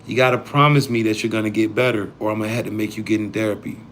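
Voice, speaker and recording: A man's voice: on the low side, fairly even intonation, rapid-fire, a bit bright, a little hiss or hum. A man hosting a livestream, talking casually and profanely to his chat in heavy slang. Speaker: livestream host.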